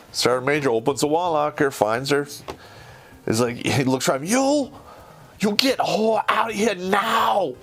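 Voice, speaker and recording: A man's voice: a little high, a bit bright. A man hosting a podcast who tells stories in a casual, rambling way and swears heavily. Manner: profane, rambling and conversational. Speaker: podcast host. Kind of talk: casual storytelling.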